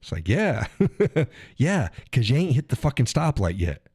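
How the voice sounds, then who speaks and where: This is a casual political rant from a man hosting his own live stream, his mid-range voice measured in pace with a breathy edge. He curses heavily and acts out quoted drivers in their frustration, all captured studio-clean with no echo.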